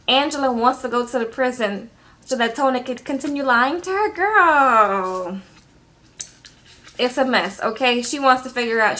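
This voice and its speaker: A young adult woman talks straight to camera in a fairly high voice. She is chatty and sassy. Her tone is loose and conversational. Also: bright, forceful tone. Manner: chatty, sassy, peppered with "girl" and "okay". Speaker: recap vlogger. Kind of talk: casual reality-show recap.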